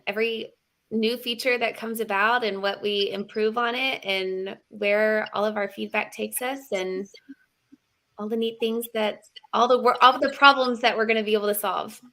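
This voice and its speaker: A woman's voice: mid-range voice, a bit bright. A woman co-hosting a product demo. She chimes in cheerfully with upbeat, giggly remarks. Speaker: co-host. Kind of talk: live product demo chat.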